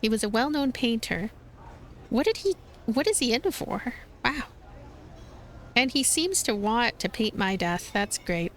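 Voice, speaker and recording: A woman's voice: a little high, expressive, a little slow, long pauses, slight background noise. Chatty woman commenting on gameplay. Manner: chatty, amused. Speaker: let's play host.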